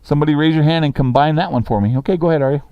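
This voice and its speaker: In a classroom, a middle-aged man runs a sixth-grade language lesson, brisk and encouraging as he reads sentences slowly for the students to copy. His voice sits on the high side and sounds smooth. The recording is dry and the audio dull.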